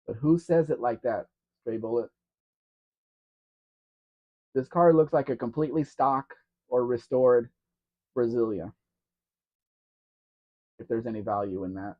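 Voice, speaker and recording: A man's voice: mid-range voice, unhurried, pauses often. Chatty man hosting a live stream. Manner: chatty, teasing, reads out viewer comments. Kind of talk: casual livestream chat. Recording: dull lo-fi sound.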